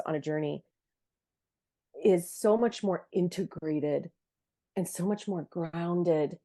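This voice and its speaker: A woman's voice: fairly low pitch, mellow. Earnest woman telling a heartfelt story. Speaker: podcast guest. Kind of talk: casual Christian podcast conversation.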